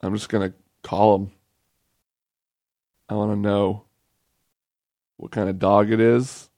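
A man's voice: lowish voice, little pitch movement, slow pace, warm tone, no room sound, clean studio sound. Rambling, joking male podcast host. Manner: rambling, joking, self-mocking. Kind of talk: casual solo podcast chat.

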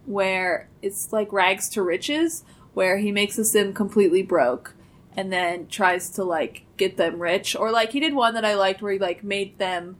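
A young woman in casual podcast chat, her voice at an ordinary middle pitch. She talks loosely and peppers her sentences with "like", and her teasing comes out deadpan. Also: a little slow. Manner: chatty, deadpan teasing, frequent "like". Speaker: podcast co-host.

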